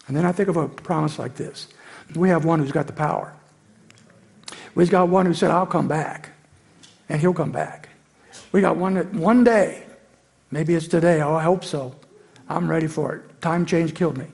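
Middle-aged man, pastor mid-sermon; gravelly tone, earnest with emphatic climbs. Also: on the high side, moderate pace, long pauses, darkish tone. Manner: earnest, rises to emphatic peaks.

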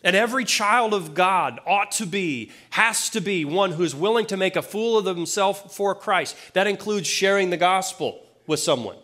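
Man, pastor, preaching a sermon, fairly high voice, conversational, plain-spoken, casual asides. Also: expressive, normal speed, few pauses, sharp tone.

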